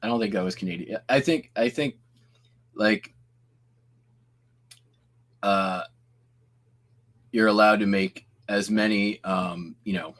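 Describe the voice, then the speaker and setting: A man's voice: fairly low pitch, takes it slowly, pauses often, a bit bright. A man in his thirties or forties who hosts a live stream, talking casually, rambling, cutting himself off mid-sentence and laughing often. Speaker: host.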